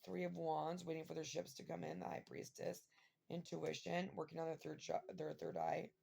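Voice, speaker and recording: A woman's voice: deep voice, level tone, moderate pace, creaky, dark tone, slightly rough. A woman giving a casual tarot reading to her viewers, emotional and rambling with many fillers. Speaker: tarot reader.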